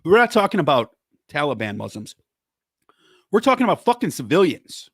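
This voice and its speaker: A man's voice: fairly high pitch, sing-song, a little fast, fairly bright tone, slightly rough, dry recording, clean studio sound. A man hosting a podcast, angrily ranting about politics and swearing heavily. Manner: angry, heavy swearing, worked up. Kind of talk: profane political rant.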